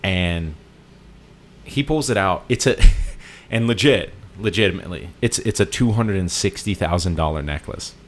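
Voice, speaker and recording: Podcast co-host, male, very low voice, loose rambling storyteller. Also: lively intonation, normal speed. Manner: rambling retelling with many fillers and restarts. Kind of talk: casual storytelling chat.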